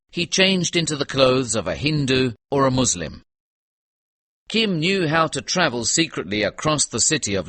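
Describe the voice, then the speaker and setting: Lively, bright British male narrator. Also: medium pitch, dry recording. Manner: clear, even storytelling pace. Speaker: audiobook narrator. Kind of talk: scripted audiobook narration for learners.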